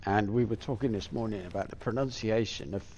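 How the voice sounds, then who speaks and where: Middle-aged gamer from Plymouth, low voice, rambling casual commentary. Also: male voice, brisk, a little mellow, highs cut off, slight background noise. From Plymouth, England. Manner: rambling, musing aloud with many fillers. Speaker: gameplay streamer.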